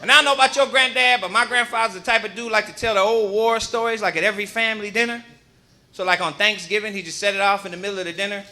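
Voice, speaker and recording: High, bright-voiced male stand-up comic. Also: fast. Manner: animated, punchy storytelling. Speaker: stand-up comedian. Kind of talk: live stand-up set. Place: comedy club stage.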